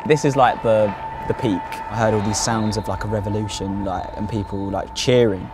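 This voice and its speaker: Against a noisy background, a young man casually tells a documentary about his own psychosis, swearing and filling his speech with fillers. His lowish voice holds a steady tone at normal speed.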